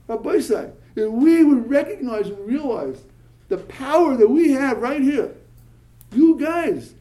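A male rabbi giving an animated talk to yeshiva students, telling stories, mixing Hebrew and Yiddish words into English, and often repeating words when he gets excited. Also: extremely high pitch, low-quality recording.

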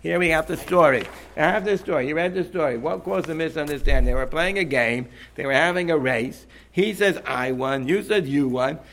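A man with a gravelly, fairly high voice who leads a discussion. He speaks emphatically and keeps repeating his point until it sticks. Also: fairly quick, few pauses, a bit bright, a little hiss or hum. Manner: emphatic, repeats himself, insistent. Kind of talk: animated discussion.

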